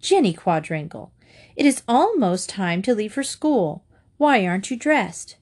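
A woman voicing an exasperated mother who hurries her children along in a sharp, hurried voice. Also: medium pitch, animated, close to an everyday voice. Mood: brisk.

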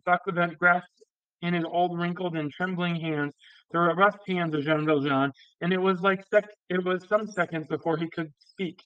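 A man reading a classic novel aloud in a steady voice, with occasional slips and restarts. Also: sits high, moderate pace, clean tone, no room sound, lo-fi sound. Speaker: audiobook reader.

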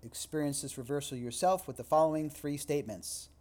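A man's voice: a little high, brisk, darkish tone. A man teaching a recorded lecture, reading textbook passages and adding loose spoken asides with fillers. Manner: reads aloud, then adds loose asides with fillers. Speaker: instructor.

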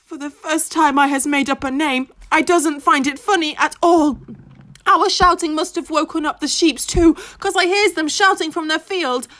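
Woman, storybook narrator, first-person, childlike grammar, expressive, very high voice. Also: normal speed. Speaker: audiobook narrator.

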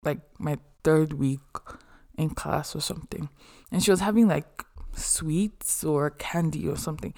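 A young woman from Nigeria, hosting a podcast and giving chatty, expressive advice with humorous asides. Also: low-pitched, a little slow. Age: young adult. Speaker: podcast host. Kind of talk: casual advice monologue.

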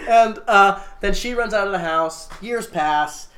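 A man's voice: high voice, unhurried, fairly bright tone. A man in casual chat recapping a movie, joking and hamming up quotes in silly voices.

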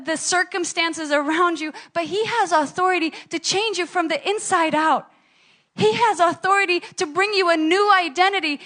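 A woman's voice: very high-pitched, pushed and bright. A woman preaching a sermon to her church, telling personal stories with animation and laughing at herself.

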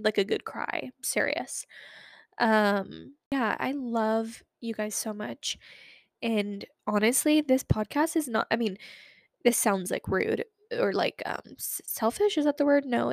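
A woman's voice: a little high, animated, moderate pace, creaky, no echo, clean studio sound. A young woman in her twenties hosting a solo podcast, talking in a chatty, rambling way with lots of fillers. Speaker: podcast host.

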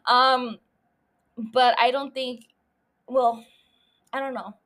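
High-voiced woman podcaster, rambling and profane. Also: fairly even intonation, slow pace, fairly bright tone. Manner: rambling, profane, self-mocking, prone to laughing asides. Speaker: podcast host. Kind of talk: casual recap chat.

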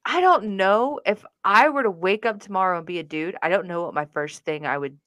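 A woman co-hosting a casual podcast, playful and quick to laugh. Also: mid-range voice, fairly bright tone, no echo, studio quality. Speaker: podcast co-host. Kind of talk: casual chat.

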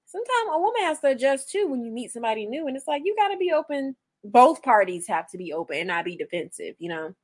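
A young woman co-hosting a casual chat about a reality show. Her voice sits a little high and swings widely in pitch as she tells blunt, slang-filled stories with plenty of drama. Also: fast, few pauses. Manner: blunt, animated storytelling with lots of slang. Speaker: podcast co-host.

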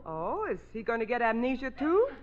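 A woman's voice: fairly high pitch, very animated, a little fast, highs cut off, very noisy. A woman starring in a 1950s radio sitcom, delivering lines with dry comic timing, recorded on an old broadcast. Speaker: sitcom star.

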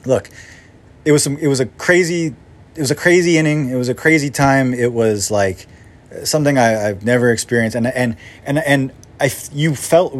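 Man, middle-aged, podcast host, casual storytelling, rambling, animated, average pitch. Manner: rambling, self-interrupting, animated.

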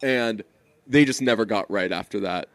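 A man's voice: on the low side, no echo. Profane rambling male podcast co-host. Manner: rambling, profane, quick asides. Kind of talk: casual podcast banter.

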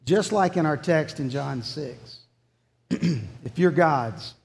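Pastor mid-sermon, a man with a high, slow, emphatic delivery; echo from a large hall. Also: animated, vocal fry. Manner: earnest, emphatic preaching.

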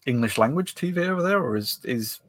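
A British man co-hosting a podcast, asking hesitant, halting questions in casual chat. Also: mid-range voice, animated, a bit bright, dry recording. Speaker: podcast co-host.

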